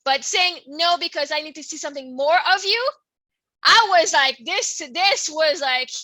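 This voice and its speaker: A middle-aged French Canadian woman hosts her own podcast, talking in a loose, rambling monologue that keeps circling back to "right?" Her voice sits high and sounds bright, and it swings between soft, hushed stretches and loud outbursts. The recording is dry and close. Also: normal speed, dry recording, poor audio. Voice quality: expressive, laughs often, swings from soft to loud. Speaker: podcast host. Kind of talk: casual personal monologue.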